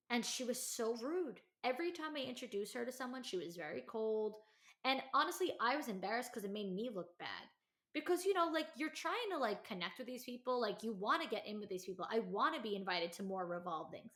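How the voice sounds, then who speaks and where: Chatty woman podcast host telling a story. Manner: chatty, heavy use of "like" and "you know"; animated, acts out quotes in a higher voice. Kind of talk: casual storytelling monologue.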